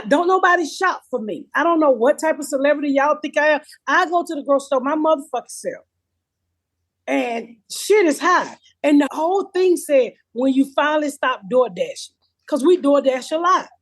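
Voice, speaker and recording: Loud, profane woman in her fifties, high-voiced. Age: 50s. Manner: loud, profane, animated storytelling. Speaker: comedian podcast host. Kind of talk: casual podcast chat. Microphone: remote call with a patchy connection.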